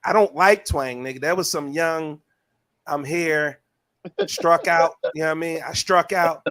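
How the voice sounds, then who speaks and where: Crude, animated podcast host, a man. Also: a little high, unhurried. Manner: crude, animated, reads out listener comments. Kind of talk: casual chat.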